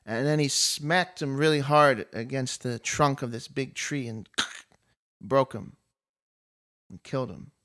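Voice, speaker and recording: A man casually retelling a story from an old epic, with a relaxed, chuckling manner and many fillers. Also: medium pitch, slow, long pauses.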